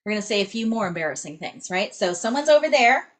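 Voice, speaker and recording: A woman's voice: medium pitch, very animated, quick pace. A young adult woman teaching a singing lesson, upbeat and demonstrative, checking in with "right?" after nearly every phrase. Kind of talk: vocal lesson to camera.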